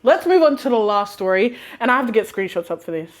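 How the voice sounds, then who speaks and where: A young woman in her twenties telling stories in a chatty, animated, slangy way, with laughs and restarts. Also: a little high, fast talker. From Australia. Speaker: vlogger. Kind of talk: casual storytime.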